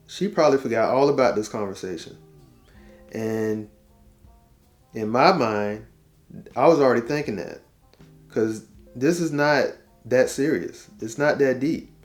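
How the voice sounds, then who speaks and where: A man in his forties spins a casual advice story, acting out each line of dialogue and dropping in easygoing slang. His voice sits at an ordinary middle pitch. Faint guitar music plays softly underneath. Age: 40s. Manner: animated storyteller, quotes dialogue, laughs at himself; conversational, uses slang and repetition. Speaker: relationship talk host.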